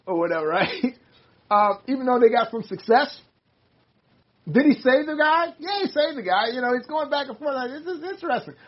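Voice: mid-range voice, a little fast, dull audio. An older speaker leading a casual Bible study discussion, rambling with many restarts and reading passages aloud.

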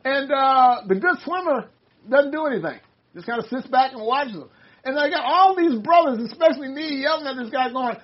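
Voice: high-pitched, lively intonation, moderate pace, lo-fi sound. An older speaker leading a casual Bible study discussion, rambling with many restarts and reading passages aloud.

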